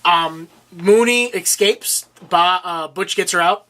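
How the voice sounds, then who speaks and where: A man co-hosting a podcast, recapping a TV episode in casual chat, cutting in with quick laughs and casual swearing. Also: high voice, bright, forceful tone. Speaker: podcast co-host.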